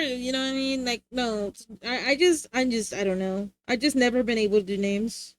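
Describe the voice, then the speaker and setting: High-voiced chatty woman streamer. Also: moderate pace, few pauses. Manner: rambling, chatty, laughs often. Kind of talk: casual stream chat.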